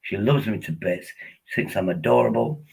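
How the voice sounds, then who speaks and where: Husky older man rambling on stream. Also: deep voice, moderate pace, a little mellow, poor audio. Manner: rambling, chatty, friendly. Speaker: live-streamer. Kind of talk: casual live-stream chat. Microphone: laptop.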